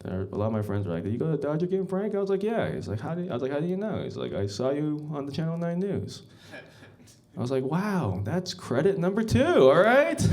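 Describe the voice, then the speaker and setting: Animated man doing rambling stand-up. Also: a little high, fairly quick. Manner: rambling deadpan storytelling with many ums, often says "guys". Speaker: stand-up comedian. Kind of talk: stand-up set.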